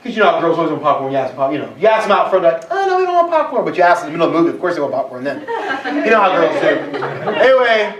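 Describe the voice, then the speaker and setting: Joking preacher with a high voice. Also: male voice, expressive, racing, fairly bright tone, lo-fi sound, slight background noise. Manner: joking storyteller, self-mocking. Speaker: pastor. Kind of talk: sermon. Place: church hall. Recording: echoey church hall from far off.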